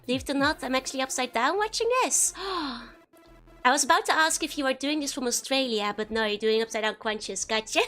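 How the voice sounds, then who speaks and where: A woman streamer with a Dutch accent chatting casually on a live stream, her voice hoarse from being sick, greeting her chat by name and laughing often. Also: high voice, brisk, pushed and bright, soft background music.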